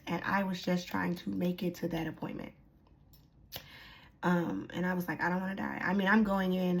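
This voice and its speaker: Woman vlogger, low gravelly voice, candid and chatty. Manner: candid and chatty, many fillers. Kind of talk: casual personal vlog. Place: lives on a military post.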